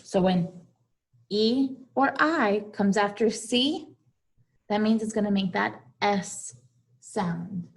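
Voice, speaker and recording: Slow, deliberate woman teaching phonics. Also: medium pitch, vocal fry. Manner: slow, deliberate, repeating each word twice. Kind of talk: phonics lesson for young children.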